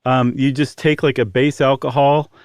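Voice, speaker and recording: A man's voice: medium pitch, little pitch movement, normal speed, darkish tone, no echo, studio quality. A man co-hosting a podcast, chatting casually and explaining things with lots of fillers. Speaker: podcast co-host.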